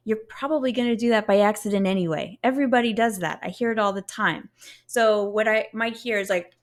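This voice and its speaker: A woman's voice: mid-range voice, fairly quick. A woman teaching a beginner saxophone lesson, explaining patiently step by step and sounding out syllables to demonstrate.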